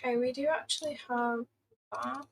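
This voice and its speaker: A woman's voice: on the high side, fairly even intonation, normal speed, vocal fry, poor audio. A young woman chatting casually on a livestream, playful and rambling as she reacts to her chat. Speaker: trading livestreamer.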